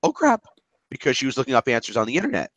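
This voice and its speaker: A man's voice: medium pitch, expressive, racing, a bit bright, no echo. A man leading a class discussion, telling candid stories in a rambling way with many restarts.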